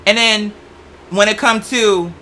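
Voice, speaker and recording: A man's voice: high-pitched, steady tone, slow pace, pushed and bright, a little hiss or hum. A young man hosting a show, talking in a sassy, campy, profane comedic monologue. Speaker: show host.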